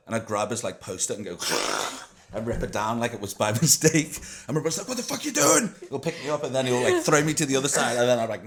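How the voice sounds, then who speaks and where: Deep-voiced young guy hosting a podcast, rambly, swears a ton, lots of "like". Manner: rambling, swears a lot, many fillers. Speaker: podcast host. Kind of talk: casual chat.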